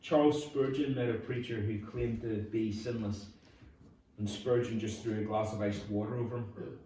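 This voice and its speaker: A man's voice: lowish voice, fairly even intonation, moderate pace, dark tone, a little hiss or hum. A man with a Northern Irish accent preaching a humorous, conversational sermon as pastor. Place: church hall. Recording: echoey hall from far off.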